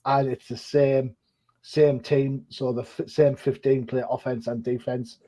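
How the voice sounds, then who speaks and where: A man's voice: mid-range voice, flat delivery, unhurried, warm tone. An older man hosting a podcast, talking casually and joking at his own expense, with plenty of fillers. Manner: chatty and self-deprecating, many fillers. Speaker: podcast host. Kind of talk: casual chat. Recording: dull lo-fi sound.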